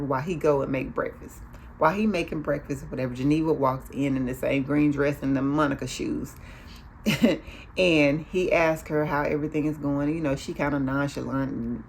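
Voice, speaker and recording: A woman's voice: sits low, vocal fry, slight background noise. A woman hosting a casual recap of a TV show, chatty, acting out the characters' lines as she goes.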